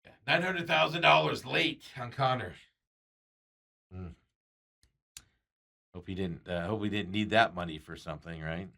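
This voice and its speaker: This sports talk show host speaks on the low side, expressive and measured, with vocal fry, long pauses and a sharp tone. His casual betting chat rambles along, broken by frequent chuckles as he reads viewer comments.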